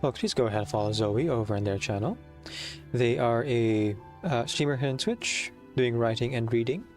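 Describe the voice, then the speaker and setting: A man's voice: medium pitch, normal speed, darkish tone, soft background music. A man streaming a game, chatting casually and rambling with many fillers.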